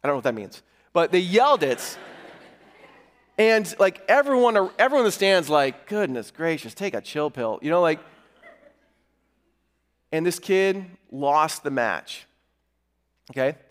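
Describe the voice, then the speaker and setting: A middle-aged man preaching a sermon as pastor, earnest and conversational, telling stories with lively asides. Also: sits high, measured pace, long pauses.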